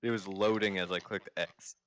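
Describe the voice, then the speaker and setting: A man's voice: low voice, steady tone, moderate pace, fairly bright tone, dry recording. A man chatting casually with a friend over voice chat, asking questions and laughing often.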